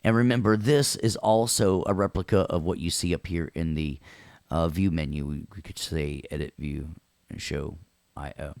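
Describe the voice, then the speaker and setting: A man's voice: low voice, fairly even intonation, normal speed, vocal fry, a little mellow, dry recording. A man with a Nashville accent teaching an audio workstation class, chatty and joking with his students. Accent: Southern US, Nashville. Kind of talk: recorded class lecture with jokes.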